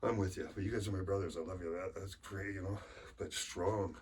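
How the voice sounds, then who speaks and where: Deep-voiced man with a cold. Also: fairly even intonation, quick pace, a little mellow. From Canada. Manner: rambling, chatty, swears casually, sighs between sets. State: lingering cold, sniffling. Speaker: arm wrestler vlogger. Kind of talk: casual home workout vlog. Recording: far from the mic with faint ambient noise.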